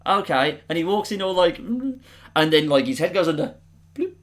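High-voiced laughing man. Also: normal speed. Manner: animated, laughing, sweary storytelling. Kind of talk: casual film review chat.

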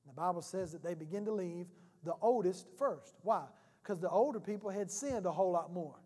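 A male pastor preaching a sermon in an animated, humorous and conversational way. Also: sits high, brisk. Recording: reverberant church hall.

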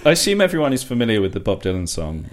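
A man co-hosting a podcast, chatting casually with quick jokes. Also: fairly low pitch, sing-song. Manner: quick, jokey. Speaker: podcast co-host. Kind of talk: casual comedic chat.

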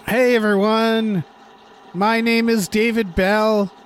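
High-voiced man, casual podcast co-host. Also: slight background noise. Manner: relaxed, halting with fillers. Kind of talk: casual chat.

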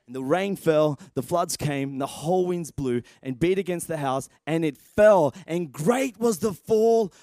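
Male pastor, 30s, high tenor, dry close sound, lively storytelling sermon. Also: normal speed, few pauses, no echo. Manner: animated storytelling, shouts at dramatic moments.

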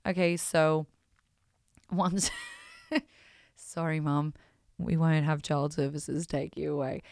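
A woman hosting a podcast, telling stories in an animated, self-mocking way and swearing freely. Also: low voice, slow pace, gravelly, no room sound, studio quality. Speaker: podcast host. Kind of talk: casual storytelling.

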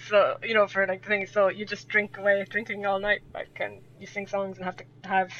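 A woman's voice: mid-range voice, monotone, fairly quick, fairly bright tone. A young Irish woman telling a rambling story in casual chat, laughing often as a podcast guest. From Ireland. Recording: dull lo-fi audio.

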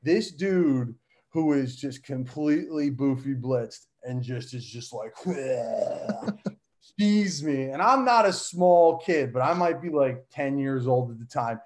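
A man telling a childhood story in casual chat, animated, with lots of fillers and frequent laughter. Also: medium pitch, takes it slowly. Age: adult. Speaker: guest, son of a wrestler.

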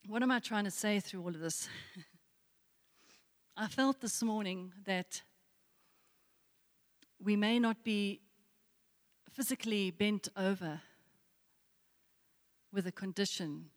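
A woman's voice: medium pitch, slow, pauses often. A woman preacher delivers a sermon in a mid-range voice, carried by the long reverb of a church hall. She tells her story with repeated rhetorical questions that draw the congregation in.

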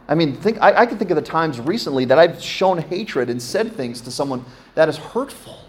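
A man's voice: on the high side, animated, normal speed. Male pastor preaching conversationally. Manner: conversational preaching, asks the congregation questions. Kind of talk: sermon.

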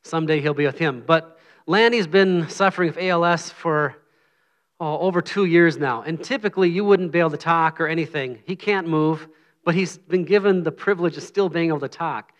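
A man's voice: on the high side, a little fast. Earnest, humble man preaching casually. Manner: earnest, humble, conversational with frequent sighs. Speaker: lay preacher. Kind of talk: informal sermon with prayer.

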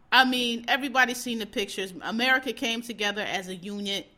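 A woman host ranting in a casual, profane, exasperated way, swinging between loud outbursts and low muttering. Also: moderate pace. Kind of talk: casual opinion rant.

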